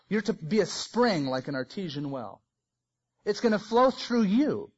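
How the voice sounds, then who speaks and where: A man preaching a sermon, swinging between loud emphasis and soft, quiet phrases. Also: high-pitched, big pitch swings, normal speed, breathy edge, lo-fi sound. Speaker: pastor.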